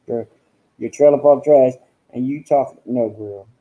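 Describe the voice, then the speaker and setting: Male livestream host, sassy profane chatter, very mellow dark tone, home webcam sound. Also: mid-range voice, measured pace, lo-fi sound. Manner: sassy and profane, calls listeners honey and girl. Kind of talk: casual livestream rant.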